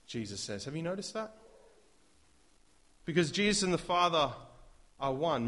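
A man's voice: fairly high pitch, animated, moderate pace, long pauses. Emphatic male preacher. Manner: emphatic, rising to loud declarations, with rhetorical questions. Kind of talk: sermon.

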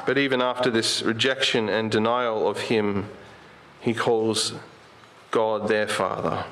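Guy preaching, chatty sermon, asks lots of questions, slows down on bible quotes, bit of hiss. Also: on the low side, bright, forceful tone. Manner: conversational, asks the congregation rhetorical questions; slows down and lifts his voice when quoting Jesus.

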